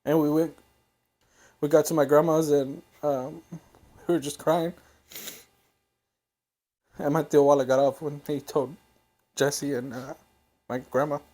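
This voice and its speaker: Brief: young male podcast host, halting emotional storyteller, speaking softly. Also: fairly high pitch, little pitch movement. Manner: halting, emotional, soft-spoken.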